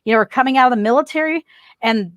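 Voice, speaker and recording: A woman's voice: high-pitched, fast, no echo. A woman guest on a podcast, giving marketing advice in a casual, emphatic way and repeating her key points.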